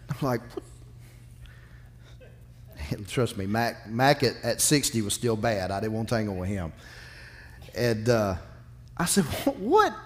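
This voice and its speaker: Emphatic pastor preaching. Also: male voice, mid-range voice. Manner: emphatic and confessional, swinging from loud to hushed. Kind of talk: sermon.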